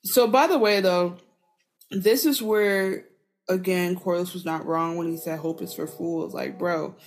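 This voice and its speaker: A woman's voice: fairly low pitch, steady tone, measured pace. A woman co-hosting a podcast, giving emphatic, playful commentary on episodes. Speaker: podcast co-host. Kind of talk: casual recap chat.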